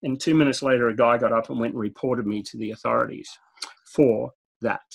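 Aussie guy, gravelly voice, just chatting and telling stories straight, laughs at his own jokes. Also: mid-range voice, steady tone, fairly quick. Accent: Australian. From Australia. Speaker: guest speaker. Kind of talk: conversational storytelling interview.

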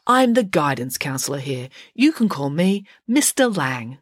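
A woman voicing a gentle, soothing middle-aged male school counsellor who gets a bit nervous. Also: low-pitched, very animated, unhurried, no room sound, studio quality, heavily acted.

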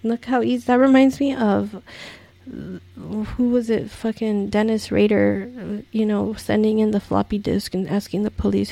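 A woman's voice: mid-range voice, moderate pace, creaky, warm tone, no echo. A woman hosting a casual commentary podcast, rambling and exasperated, with many fillers and restarts. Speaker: podcast host.

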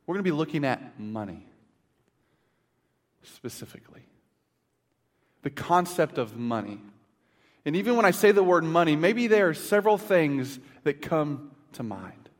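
A man in his thirties preaching a sermon in church, telling family stories with big swings between loud and hushed. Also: a little high. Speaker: pastor. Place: church sanctuary. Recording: long hall reverb.

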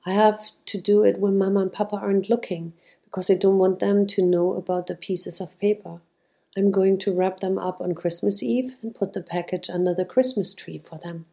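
A woman's voice: medium pitch, fairly even intonation, normal speed, vocal fry, dark tone, natural voice. A woman reading aloud, voicing a cautious, stubborn young boy who speaks earnestly and a little hesitantly.

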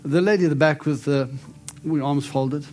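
A preacher with a fairly high, a little mellow voice keeps a steady tone at normal speed while prophesying over his congregation. He is emphatic and declarative, often prompting them to respond.

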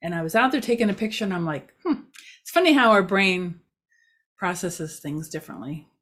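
A woman's voice: on the low side, lively intonation, fairly quick, a bit bright. A woman giving a casual local news update outdoors near a parking lot, chatty and rambling, with many fillers and self-mocking asides.

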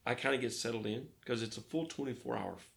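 A man from Arkansas, a pastor, telling lively stories in a casual interview and acting out the dialogue. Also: medium pitch, quick pace, gravelly. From Arkansas, United States. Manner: lively storyteller who acts out dialogue.

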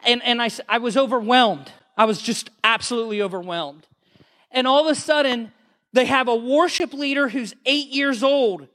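Brief: male preacher, high voice, impassioned sermon, swells into shouting in church. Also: moderate pace. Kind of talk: sermon testimony.

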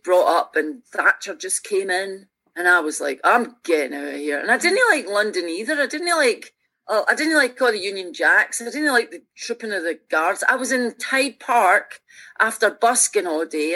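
Speaking at medium pitch and normal speed, a Glaswegian woman around sixty from Scotland tells stories with feeling as a musician guest on radio. Her reflective, conversational storytelling is earnest and animated, full of frequent restarts.

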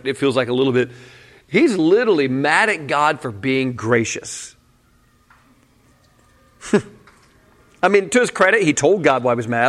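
A man's voice: medium pitch, a bit bright. A man preaching a conversational sermon in a candid, casual way, often saying "man" and breaking into short laughs. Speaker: pastor.

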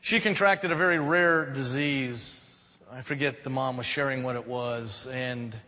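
A man's voice: medium pitch, a little slow, bright, forceful tone, in a large hall, muffled recording. A man preaching a sermon as pastor, conversational, with jokes and rhetorical questions. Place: church sanctuary.

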